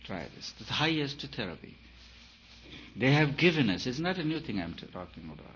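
A spiritual teacher, a man, speaks emphatically and poses rhetorical questions. His voice swings between loud and soft. The recording is dull and lo-fi, with a faint hiss under it. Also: medium pitch, very animated, a little fast. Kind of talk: spiritual talk.

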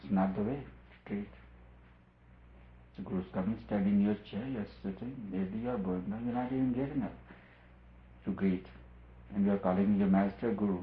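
Male spiritual teacher, low voice, earnest lecturing delivery, echoey room over a tinny, phone-like line. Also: fairly quick, pauses often, slight background noise. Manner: earnest, repetitive, lecturing with rhetorical questions. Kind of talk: spiritual discourse.

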